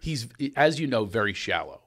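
A man hosting a podcast as a comedian, telling a story in an animated, laughing way. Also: on the low side, normal speed. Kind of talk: casual storytelling chat.

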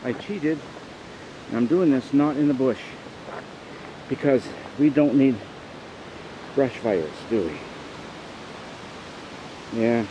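A man casually narrating to a camera outdoors in the woods, chatty and unhurried as he sets up his gear. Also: mid-range voice, expressive. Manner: chatty, unhurried, talks to camera while working. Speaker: outdoor vlogger. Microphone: camera mic on a small tripod. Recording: dull lo-fi outdoor recording with clear background noise.

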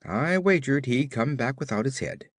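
A man voicing a rough, gossipy frontier soldier who blurts out his words, read as an audiobook character. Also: medium pitch, animated, moderate pace, no echo, clean studio sound, close to an everyday voice. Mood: excited.

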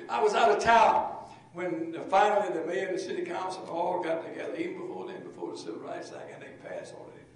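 A man's voice: high-pitched, creaky, a little hiss or hum. An older man, a pastor, telling a folksy, humorous story with repetitions as a lecture. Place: large lecture hall. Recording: echoey hall, voice from far off.

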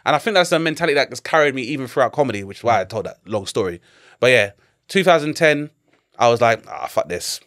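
Man, 40s, London accent; quick, animated comedian storyteller, laughing and swearing. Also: mid-range voice. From London, England. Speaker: comedian guest. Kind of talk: casual interview storytelling.

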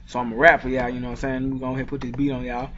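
A man with a worn-out voice doing a crude comic rap parody, given to loud outbursts. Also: mid-range voice, flat delivery, racing, slight background noise. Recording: dull lo-fi recording with music.

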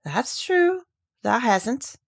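A gruff, grumbling old gardener, as a woman reading a storybook puts him on. He speaks in a lively, swinging voice that jumps up and drops low, curt and reluctant. The storybook telling stays close and plain. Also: moderate pace. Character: grumpy old Yorkshire gardener man.

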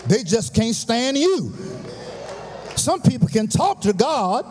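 A male pastor preaching a sermon, chanting in a whooping cadence and rising to shouts. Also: very high-pitched, sing-song, slow pace, a little hiss or hum. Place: large church sanctuary. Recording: long church reverb with faint organ music.

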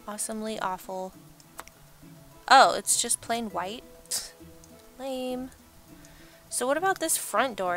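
A woman's voice: medium pitch, a bit bright. Chatty young woman narrating gameplay. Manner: chatty, rambling, self-deprecating, laughs often. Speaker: let's play gamer. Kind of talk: casual gameplay commentary.

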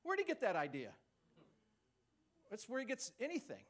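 A man's voice: extremely high pitch, wildly swooping pitch, moderate pace, fairly bright tone. A man preaching a sermon, teaching with call-and-response and chuckles.

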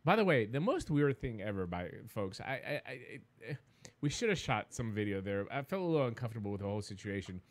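Man, greek accent, casual co-host, animated storytelling, laughs a lot. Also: lowish voice, fast talker. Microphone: desk mic set a little far back.

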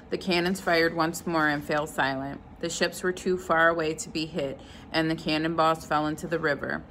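Woman reader, low voice, steady read-aloud of a novel. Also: slight background noise, rough recording. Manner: unhurried, stops to comment on the story.

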